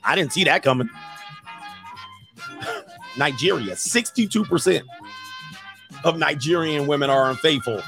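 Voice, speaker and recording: A man hosting a casual commentary show, reacting to a list with jokes and loud exclamations. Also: fairly high pitch, expressive, a little slow, gravelly, pauses often, slightly rough, dry recording, faint music behind.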